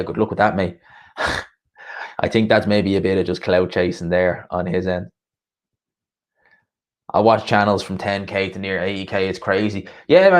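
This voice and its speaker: A man chatting casually on his boxing livestream, rambling through viewer comments and laughing often. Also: lowish voice.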